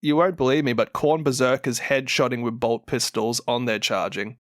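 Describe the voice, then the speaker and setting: A man's voice: mid-range voice, steady tone, normal speed, fairly bright tone, no echo, studio quality. A man with a New Zealand accent, co-hosting a podcast and animatedly retelling lore, laughing often and acting out what characters say. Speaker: podcast co-host.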